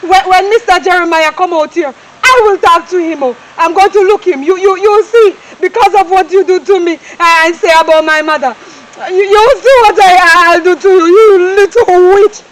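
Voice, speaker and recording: A woman's voice: extremely high pitch, normal speed, background noise. A woman playing a tearful young Jamaican maid. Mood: resentful. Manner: pleading, tearful, ends phrases with "oh". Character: young, pleading household maid.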